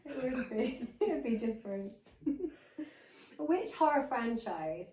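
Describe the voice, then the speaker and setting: A woman's voice: a little high, animated, slow pace, reverberant, distant mic, a crowd in the background, poor audio. A woman hosting a podcast interview, chatting and laughing easily with her guest. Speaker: podcast host. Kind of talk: casual interview chat.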